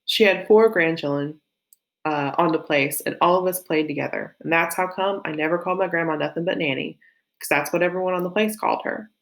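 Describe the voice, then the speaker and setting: A woman's voice: lowish voice, a little fast, gravelly. A woman with a light Southern US accent, reading aloud as a young woman from a novel who tells her own life story in a plain, folksy way. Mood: reminiscing.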